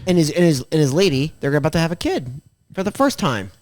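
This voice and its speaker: A man with a slightly high voice chats over a movie he and his friends are reviewing, swinging his pitch widely and drawing words out for effect. The sound is close and dry, with no room around it. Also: sing-song, quick pace, darkish tone, no room sound. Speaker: podcast co-host. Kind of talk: casual movie review chat.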